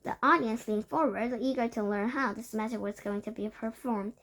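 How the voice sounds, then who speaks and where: A woman's voice: a little high, moderate pace, fairly bright tone. A woman reading a children's book aloud, narrating steadily. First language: Korean. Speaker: reader.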